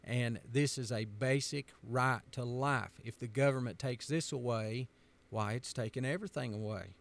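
Guy preaching, gravelly voice, hammers the same point over and over. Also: mid-range voice, moderate pace. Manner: emphatic, driving points home by repetition. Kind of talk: sermon-style commentary.

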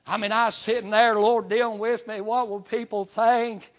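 A middle-aged man preaching a revival sermon and giving his testimony, dropping "amen" after nearly every phrase and swinging between shouting and hushed tones. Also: sits high, level tone, moderate pace. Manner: swings from shouting to near whisper.

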